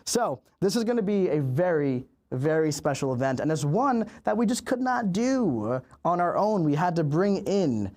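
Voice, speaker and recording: A hyped man in his thirties hosts a game livestream, talking in a fairly high voice. He stretches words for emphasis and keeps up a chatty, upbeat flow. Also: very animated, moderate pace, hardly any pauses, a little mellow. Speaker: livestream host. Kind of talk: energetic official stream hosting.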